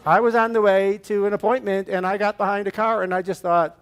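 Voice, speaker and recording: This is a man with a notably high voice giving an inspirational talk to a church audience. He is animated, slipping into little acted scenes and drawing the room into a shared gesture. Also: a little fast, smooth. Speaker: guest speaker at a church service.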